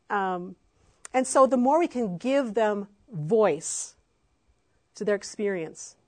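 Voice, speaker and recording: A woman's voice: mid-range voice, lively intonation, normal speed, darkish tone. Impassioned woman giving a faith talk. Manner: impassioned, emphatic, with frequent fillers. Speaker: speaker on adoption. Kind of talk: faith-based talk to parents.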